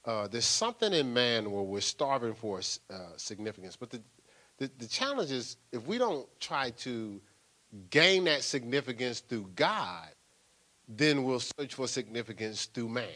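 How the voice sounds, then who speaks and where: Older man, a pastor with a sermon voice that swings widely and rings bright, playful and animated. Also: medium pitch, a little slow. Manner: lively, playful preaching with laughter and acted-out asides.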